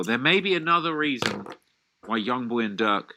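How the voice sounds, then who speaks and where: A man hosting a live hip-hop news reaction stream, reading posts aloud and commenting in an animated, slangy way. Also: medium pitch, moderate pace, noisy background.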